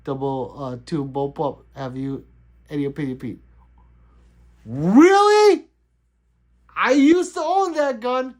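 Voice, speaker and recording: A man's voice: on the high side, slow, pauses often. A middle-aged man hosting a casual livestream, laughing easily and answering his chat as it comes in. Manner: loose, laughing, chatty, reading out chat. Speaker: livestream host.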